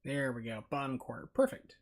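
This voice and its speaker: A man's voice: medium pitch, sing-song, brisk. A man chatting casually and rambling while he sets up a live game stream, talking into a headset. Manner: chatty and rambling, with many fillers. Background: video game music.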